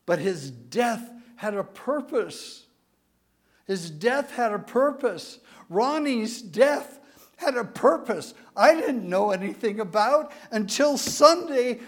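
Lively high-voiced preaching man. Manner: emotional, swings between hushed and emphatic; asks the congregation for a show of hands. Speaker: pastor. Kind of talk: sermon.

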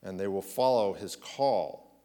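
A man preaching a sermon, asking rhetorical questions and often clearing his throat. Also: deep voice, unhurried, dark tone. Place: church.

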